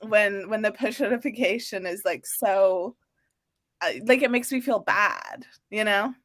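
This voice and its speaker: A woman's voice: mid-range voice, a little slow, a bit bright, no echo. A woman co-hosting a live stream, chatting in a casual, upbeat way with lots of fillers. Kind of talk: casual chat. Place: home or office, working from New York.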